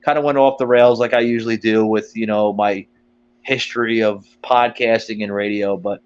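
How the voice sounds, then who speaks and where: A man's voice: fairly low pitch, fairly even intonation, normal speed, smooth, dull audio. A man hosting a podcast, telling a rambling, profane comic story and quoting people along the way. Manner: profane, rambling, quotes people in put-on voices. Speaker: podcast host. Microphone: phone line.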